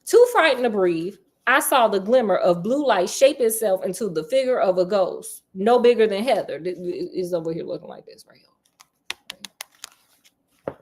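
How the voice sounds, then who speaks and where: A woman's voice: medium pitch, lively intonation, normal speed. A woman reading a spooky children's novel aloud and breaking off for sassy, laughing asides. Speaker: storyteller reading a book aloud. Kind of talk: book reading with comedic asides.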